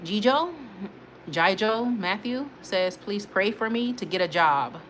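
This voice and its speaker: A woman's voice: mid-range voice, expressive, measured pace, fairly bright tone, a little hiss or hum. A young adult woman hosting a casual livestream, chatting, laughing often and reading viewers' comments aloud. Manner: chatty, laughs often, talks back to chat. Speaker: livestream host.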